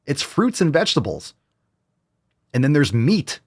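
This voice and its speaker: A man's voice: on the high side, wildly swooping pitch, measured pace, breathy edge, no echo, clean studio sound. A man hosting a fitness talk show, ranting crudely and heatedly with sarcastic mimicry. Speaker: host. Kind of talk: profane ranting commentary.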